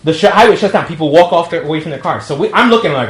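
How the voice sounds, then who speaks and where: A priest with a New York accent giving a talk to young adults, telling jokey stories and acting out quotes. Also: male voice, fairly high pitch, sing-song, fast, roomy sound. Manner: storytelling, jokey, acts out quotes. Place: meeting room.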